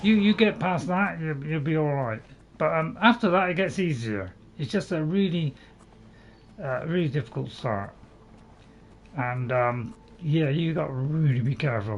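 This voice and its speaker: A gaming channel host with a fairly high-pitched voice rambles through a casual let's-play, calling himself a waffler and talking to his viewers in chat as he plays. A little hiss or hum is audible.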